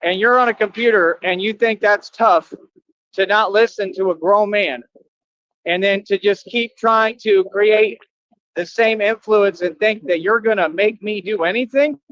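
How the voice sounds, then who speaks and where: Here a streamer goes after an online critic in a repetitive rant to his audience, alternating scolding with bragging. He speaks on the high side, a bit slowly and brightly, over a dry, dull lo-fi recording.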